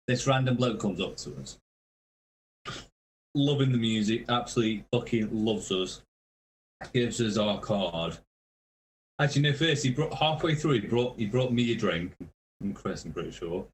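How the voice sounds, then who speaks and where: A man's voice: medium pitch, lively intonation, measured pace, pauses often, slight background noise, low-quality recording. A man, a guest musician, telling tour stories casually, swearing a lot and laughing mid-sentence. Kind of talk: casual storytelling.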